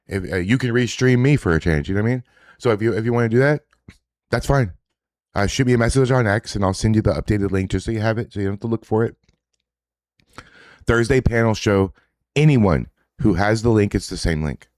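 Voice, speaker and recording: A man's voice: lowish voice, darkish tone, no room sound, clean studio sound. A man hosting a casual reaction stream, talking in a profane, rambling way with indignant asides. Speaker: streamer host reacting to social media posts. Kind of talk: casual livestream reaction commentary.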